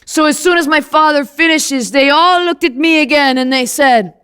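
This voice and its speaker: A woman performing a first-person Bible monologue as a man born blind, telling his story in an animated, conversational way with asides to the listener. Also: high-pitched, normal speed, hardly any pauses. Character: man born blind, newly sighted, earnest and indignant.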